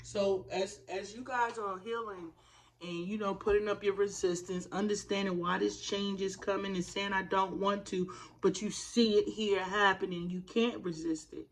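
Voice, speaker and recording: A woman's voice: mid-range voice, steady tone, normal speed. A woman giving a spiritual tarot reading in a fervent, preacher-like way, calling her listeners y'all. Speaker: tarot reader.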